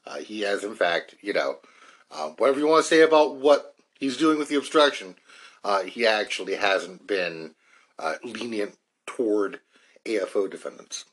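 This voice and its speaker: A man's voice: lowish voice, lively intonation, moderate pace, a bit bright. Man explaining a court case. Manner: reads from court documents with frequent restarts and fillers. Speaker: podcast host. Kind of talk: explanatory legal commentary.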